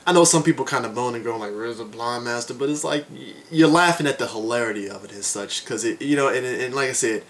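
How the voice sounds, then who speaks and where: A man's voice: mid-range voice, fast talker, hardly any pauses, slight background noise. Rambling man reviewing a movie. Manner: rambling, many fillers like "and stuff" and "um". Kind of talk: casual spoken film review.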